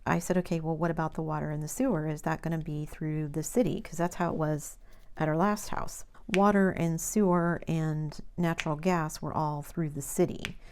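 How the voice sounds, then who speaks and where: Host: middle-aged American woman, deep voice, chatty and rambling. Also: steady tone, normal speed, a little mellow, a little hiss or hum. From United States. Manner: chatty storytelling with quoted dialogue. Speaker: crafting channel host. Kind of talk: rambling casual chat.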